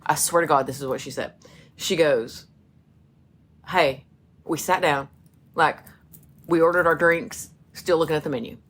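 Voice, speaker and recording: Lady cohosting a podcast, low voice, just chatting and telling stories. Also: normal speed, a bit bright. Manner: chatty storyteller, acts out quoted friends. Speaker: podcast co-host. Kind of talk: casual chat.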